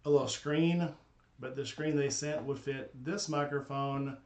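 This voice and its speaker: A man's voice: mid-range voice, steady tone, measured pace, darkish tone. A man streaming live from a small home studio, chatting casually with viewers and thinking aloud with a slightly hesitant manner. He talks into a desk condenser microphone. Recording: roomy echo from the room.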